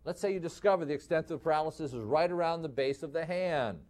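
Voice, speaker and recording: A man with a Midwestern accent giving a lively lecture, asking the class rhetorical questions and calling them folks. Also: on the high side, fast. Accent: Midwestern American. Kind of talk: recorded lecture to medical students.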